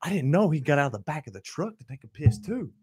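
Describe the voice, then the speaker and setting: A young man spins a crude barracks story with animated, profane energy, laughing often. His voice sits somewhat high for a man, and he pushes it louder and higher as the tale builds. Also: fast, breathy edge. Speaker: podcast host. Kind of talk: casual storytelling.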